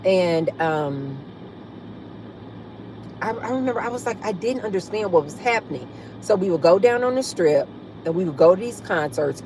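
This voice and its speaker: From the driver's seat of her parked car, a woman with a lowish voice hosts a casual livestream, chatting, laughing a lot and reading out viewer comments. There's a slight amount of background noise.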